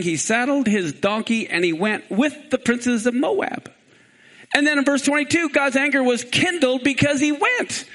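High, animated male preacher. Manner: animated, peppers the congregation with rhetorical questions. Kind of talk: sermon.

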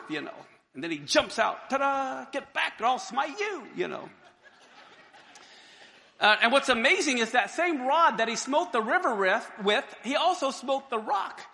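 A man teaching from the Bible in an animated way, acting out the crowds and Moses in lively voices, with a gravelly edge to his speech. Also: sits high, in a large hall.

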